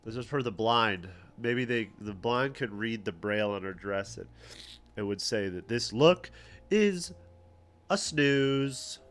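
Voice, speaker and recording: A man's voice: on the low side, lively intonation, slow pace, a bit bright. A man co-hosting a livestream, giving offhand, mocking outfit commentary that trails off into fillers. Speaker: podcast co-host.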